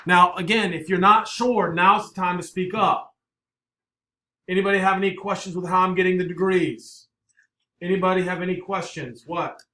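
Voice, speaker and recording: A man teaching a math class, brisk and coaxing, often checking in with the students. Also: high-pitched, fairly even intonation, sharp tone. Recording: echoey classroom, faint noise.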